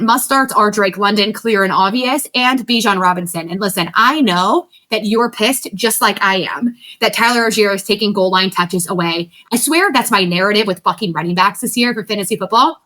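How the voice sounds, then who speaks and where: Woman podcast cohost, bright sharp voice, blunt and animated, cusses casually. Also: medium pitch. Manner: animated, blunt, swears casually, rants at players. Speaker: fantasy football podcast co-host. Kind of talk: casual chat.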